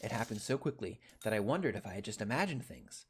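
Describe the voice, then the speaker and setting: A man reading horror-game dialogue and narration aloud in a steady storytelling voice. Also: on the low side, fast talker, faint music behind.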